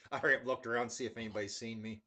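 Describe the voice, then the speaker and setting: A man telling casual stories with many fillers, then reviewing a pipe tobacco in a relaxed, rambling way. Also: mid-range voice, fast. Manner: laid-back rambling with fillers.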